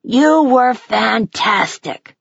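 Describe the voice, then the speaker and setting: A woman's voice: on the high side, animated, extremely slow, gravelly, husky, no echo, lo-fi sound, heavily acted. A woman voicing a proud, hearty dad. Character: proud, warm father of a teen girl.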